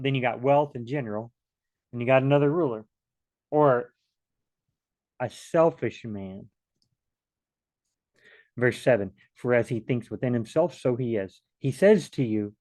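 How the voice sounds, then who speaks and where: A man's voice: mid-range voice, darkish tone. A man teaching a casual bible study from home, rambling and acting out little back-and-forth dialogues.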